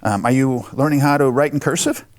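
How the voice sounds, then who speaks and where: A man hosting a show patiently interviews a child in a friendly chat, asking encouraging questions and repeating the answers back. His voice is medium-pitched and fairly quick, with no room sound.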